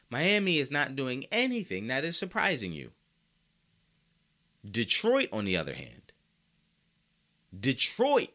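A man's voice: mid-range voice, bright, forceful tone. A sick, congested man hosting a sports podcast, arguing his opinions emphatically and repeating his points for effect. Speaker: podcast host.

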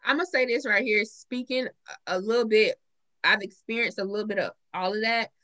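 Bright, outspoken young woman. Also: medium pitch, fairly quick. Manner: animated, outspoken, swears freely. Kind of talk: casual podcast chat.

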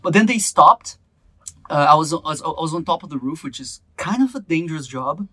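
Bright-voiced man telling a story. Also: fairly high pitch, a little fast, slightly rough. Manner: animated, restarts a lot, mimics others in quotes. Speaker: podcast co-host. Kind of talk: casual storytelling chat.

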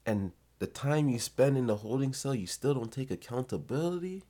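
A man's voice: medium pitch, animated, moderate pace, warm tone. A man giving blunt, profane advice in a casual rant to his viewers.

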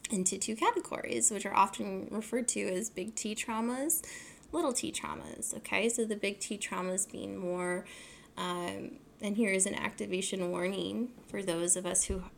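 A woman's voice: medium pitch, normal speed, creaky, slight background noise. A young adult woman hosting her own podcast, talking casually in a rambling way, full of fillers and self-corrections. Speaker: podcast host. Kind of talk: casual solo podcast talk.

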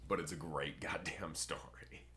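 A man's voice: very deep voice, steady tone, unhurried, pushed and bright. A young man on a podcast, rambling through a crude story in casual chat. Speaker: podcast co-host.

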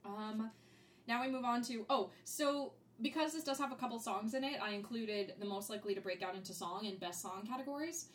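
A young woman co-hosting a relaxed podcast chat, her voice sitting a little high. She laughs between thoughts and drops into playful voices when she quotes a line. Her talk is loose and chatty, full of small fillers. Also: fairly quick, slight background noise. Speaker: podcast co-host. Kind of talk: casual chat.

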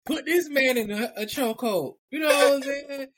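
A man with a notably high voice riffs through a casual sports podcast. He jokes around and acts out how players might have reacted. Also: normal speed, fairly bright tone. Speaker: podcast co-host.

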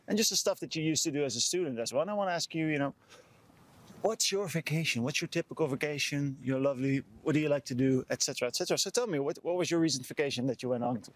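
A man's voice: fairly high pitch, very fast. A man hosting a casual chat while walking outdoors on a campus, easygoing and curious, often repeating words like "cool, cool". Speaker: podcast host.

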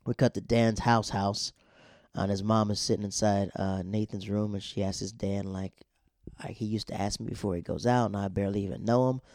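Man, casual slangy recap, mellow dark voice, dry close sound. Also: lowish voice, fairly even intonation, normal speed, no room sound. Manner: slangy, laid-back storytelling. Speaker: TV episode recapper.

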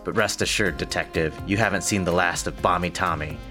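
A man's voice: sits low, a little fast, pushed and bright, faint music behind. A man playing a snarling ex-con thug. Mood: menacing. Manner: growling threats and menacing taunts. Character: snarling, greedy male ex-convict thug.

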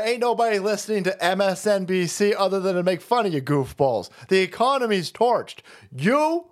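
Animated foul-mouthed man ranting. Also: high voice, moderate pace, hardly any pauses. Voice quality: foul-mouthed, loud and mocking. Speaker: stream host. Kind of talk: ranting political commentary stream.

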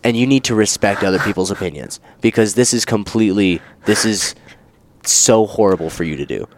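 A man's voice: lowish voice, fairly quick, a little hiss or hum. A young man co-hosting a casual podcast, rambling on and mimicking people he talks about in a raised, mocking voice. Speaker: podcast co-host. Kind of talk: casual chat.

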